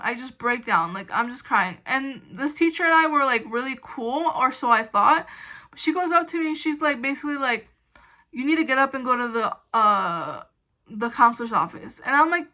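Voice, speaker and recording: A woman's voice: sits high, sharp tone, poor audio. A young woman telling a storytime vlog in a casual, rambling way, full of "like" and restarts, indignant as she recounts. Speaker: storytime vlogger.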